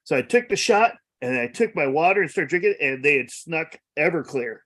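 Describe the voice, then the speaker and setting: A man's voice: on the high side, animated, brisk, heavy background noise. A man in his forties in casual chat, laid-back, laughing a lot and swearing casually. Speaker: podcast co-host.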